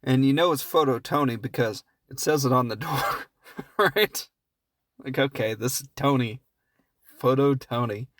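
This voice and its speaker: A man's voice: medium pitch, measured pace, fairly bright tone, no room sound. Man, casual comedy recap, rambling and swearing, dry close sound. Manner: rambling, profane, amused, slips into quoted voices. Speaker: podcast host reviewing films.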